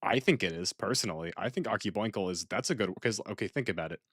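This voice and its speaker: A man's voice: on the low side, fast talker, fairly bright tone, slightly rough, no room sound, clean studio sound. Rambling, playful man streaming a game. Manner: rambling, playful, repeats himself. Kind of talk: casual gaming stream commentary.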